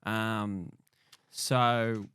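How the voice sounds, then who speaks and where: A man hosting a podcast, asking relaxed questions with plenty of fillers. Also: fairly low pitch, drawn-out words, clear, resonant tone, dry recording. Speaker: podcast host. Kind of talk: casual interview.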